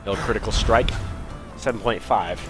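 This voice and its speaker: Man, game streamer, casual commentary, swears a lot, excitable, music in the background. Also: lowish voice, normal speed. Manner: excitable, swears, jokey asides to viewers.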